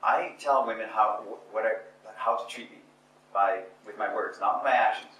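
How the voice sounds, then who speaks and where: A man's voice: fairly low pitch, moderate pace, a bit bright, far from the mic, slight background noise. A man giving a motivational seminar talk to a group, blunt and emphatic, often repeating phrases and restarting his sentences. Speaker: seminar speaker. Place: talk venue in Portugal. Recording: roomy room, voice picked up from afar, faint ambience.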